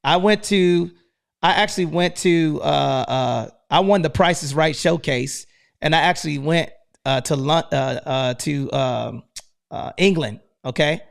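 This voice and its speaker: An energetic male host on a live stream, full of slang and hype, who keeps tacking "man" onto his lines. His voice sits high, with a gravelly edge. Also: unhurried. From United States.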